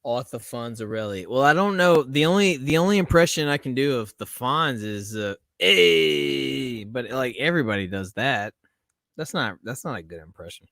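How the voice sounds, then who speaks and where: A man's voice: mid-range voice, expressive, fairly quick, a bit bright, no room sound, studio quality. A man hosting a casual live stream, chatty, laughing often and swearing freely.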